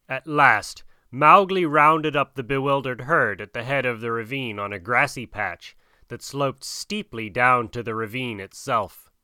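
A man narrating a classic adventure story as an audiobook, steady and vivid. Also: medium pitch, smooth, no room sound, studio quality. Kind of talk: audiobook reading of a classic tale.

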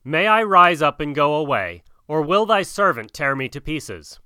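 A frightened old hunter, as a male narrator voices him, pleading in a husky, fawning murmur. The voice is bright and clear, with animated pitch. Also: normal speed, no room sound, studio quality, heavily acted.

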